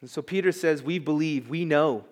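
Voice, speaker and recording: A man's voice: a little high, moderate pace, darkish tone. Emphatic man preaching a sermon. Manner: emphatic, conversational with asides and quoted lines. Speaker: pastor.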